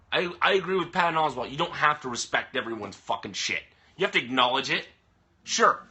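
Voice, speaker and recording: Profane ranting man, bright voice. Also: fairly high pitch. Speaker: vlogger. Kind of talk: angry live-stream rant. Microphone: camera mic. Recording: phone or webcam live stream.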